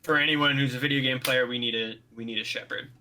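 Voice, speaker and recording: A man's voice: mid-range voice, steady tone, fast, bright, forceful tone, low-quality recording. A man co-hosting a casual movie discussion who drops short quips and references. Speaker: co-host of a movie discussion show.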